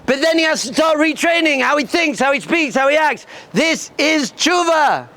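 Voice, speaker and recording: A man, a rabbi, giving an energetic pep talk to yeshiva students, telling a story and acting out bleating sheep and a roaring lion, with emphatic, repeated punchy lines. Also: extremely high pitch, normal speed.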